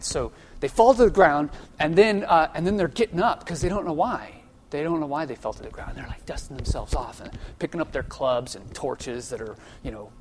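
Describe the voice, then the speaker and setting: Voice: mid-range voice, darkish tone, husky. A Bible study teacher explaining a passage in an informal, conversational way, thinking aloud with asides. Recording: long reverb of a large hall.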